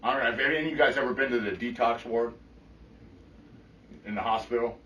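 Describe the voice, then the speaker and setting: At a recovery meeting, a middle-aged man shares blunt, profane personal testimony and keeps checking in with the group. His mid-range voice is pushed and bright and a little fast, and the distant mic picks up an echoey room.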